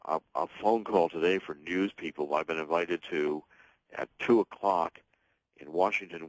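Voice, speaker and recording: A man with a very deep voice speaks as a radio guest, driving his points emphatically and restarting his sentences as he goes. The sound is dry and close, with no room around it. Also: dry recording, low-quality recording. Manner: emphatic, talks in long runs with restarts. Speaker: guest author and political commentator. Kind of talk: talk radio interview.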